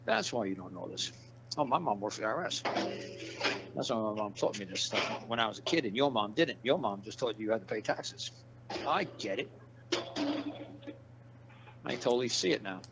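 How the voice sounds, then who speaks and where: A man's voice: on the low side, expressive, normal speed, long pauses. A man giving a casual interview, blunt and profane, rambling through stories and repeating his points. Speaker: interview guest. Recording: dull lo-fi audio with background hiss.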